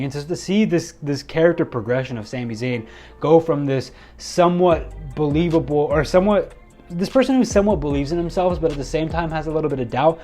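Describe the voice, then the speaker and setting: Male reviewer, slightly high voice, excitable rambling recap, faint music underneath. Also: fairly quick. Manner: excitable, rambling with frequent restarts. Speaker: wrestling show reviewer. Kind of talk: casual spoken recap.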